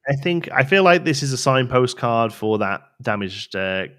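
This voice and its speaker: A man's voice: mid-range voice, expressive, normal speed, fairly bright tone, clean tone. A man co-hosting a casual card game livestream, rambling and restarting his sentences, laughing often. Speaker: co-host. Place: home studio, livestream.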